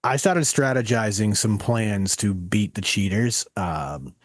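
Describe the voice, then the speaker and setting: A man co-hosting a podcast in casual chat, telling profane, animated stories. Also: on the low side, takes it slowly, no echo, clean studio sound. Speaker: podcast co-host.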